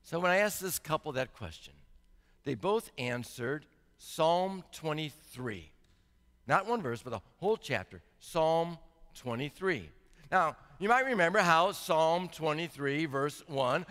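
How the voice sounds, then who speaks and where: A male pastor preaching to his congregation in a church sanctuary. His voice is bright and ringing and sits a little high, and it carries a long reverb through the hall. He slows down for scripture readings and then builds to an emphatic, rising pitch. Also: expressive. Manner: reads scripture slowly and deliberately. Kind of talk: sermon.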